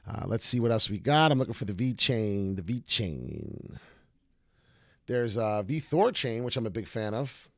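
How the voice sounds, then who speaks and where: A man's voice: lowish voice, expressive, normal speed, creaky, dry recording, studio quality. A man streaming crypto chart talk in a brash, slangy, rambling way with many filler uhs. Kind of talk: casual live commentary.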